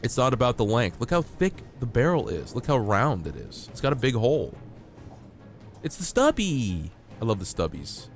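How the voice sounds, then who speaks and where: A sick streamer man with a cold talks through a game in a playful, jokey way. His voice swings wide between high and low as he gets excited, and he coughs now and then. Soft music plays quietly behind him. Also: moderate pace. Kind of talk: casual live-stream gameplay chat.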